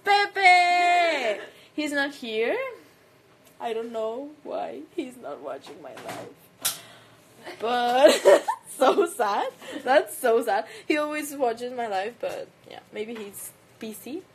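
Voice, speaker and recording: A woman's voice: a little high, lively intonation, slow pace, a little hiss or hum, poor audio. A young woman with a Mexican accent whose first language is Spanish, chatting casually into a phone and reading out fan comments, laughing often. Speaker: livestreamer answering fans.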